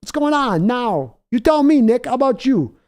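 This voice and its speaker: A man putting on an excitable sports pundit voice, shouting with stretched, emphatic words in mock panel banter. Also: very high voice, normal speed, voice pushed up. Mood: hyped.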